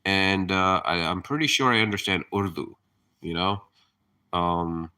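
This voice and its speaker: Male streamer, low voice, laughs a lot and swears casually while chatting to viewers. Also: takes it slowly, pauses often, sharp tone. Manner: rambling, laughing, cursing freely; hyper, chatty. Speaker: live streamer. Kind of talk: casual live-stream chat.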